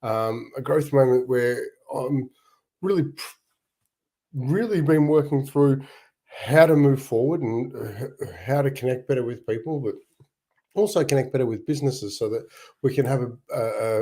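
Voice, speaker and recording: A man's voice: mid-range voice, moderate pace, mellow. A middle-aged Australian man hosting a casual livestream, telling upbeat stories with frequent laughs and restarts. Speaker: not-for-profit founder and livestream host.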